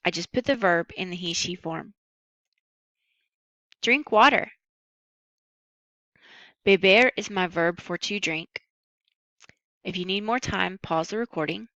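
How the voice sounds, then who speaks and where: A woman with a bright, clear voice walks students through a recorded lesson. She stays patient and upbeat and slows right down on the Spanish words. The sound is dry and close. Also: lowish voice, lively intonation, no echo, low-quality recording. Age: adult. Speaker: Spanish teacher.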